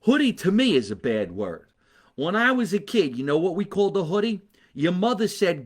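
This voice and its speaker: A man from New Jersey with a New Jersey accent, a comedian hosting a live podcast, talking casually with sponsor plugs, animated, profane and fond of repeating phrases. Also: high-pitched, normal speed. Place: his mother's basement.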